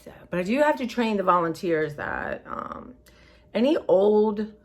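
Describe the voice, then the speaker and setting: A woman's voice: medium pitch, very animated, unhurried. A woman vlogging in a casual, rambling way, chatty and scattered, sounding tired and emotional. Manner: scattered, chatty, says y'all often. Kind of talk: casual rambling chat to viewers.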